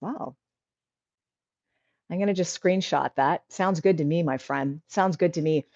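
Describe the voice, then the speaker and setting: A woman's voice: deep voice, a little slow, a little mellow, no room sound, lo-fi sound. A woman hosting a casual livestream, chatty and encouraging, reading out viewer comments. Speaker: livestream host.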